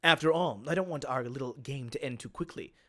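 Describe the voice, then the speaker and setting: A man with an Australian accent voicing a scheming male villain who speaks in a low, slow, courtly way. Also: fairly bright tone, slight background noise, close to an everyday voice. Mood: silky menace. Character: smooth scheming male villain offering a choice.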